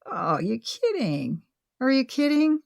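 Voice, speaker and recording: A woman's voice: high voice, wildly swooping pitch, takes it slowly, creaky, dry recording, clean studio sound, voice pushed up, exaggerated voice. A woman reading the part of an impatient, restless young woman treasure hunter in an audiobook, with a grumbling manner.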